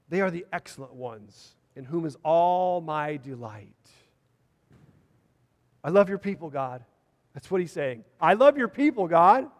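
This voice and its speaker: A man's voice: high voice, big-room sound. A man preaching a sermon, earnest and repeating phrases for emphasis.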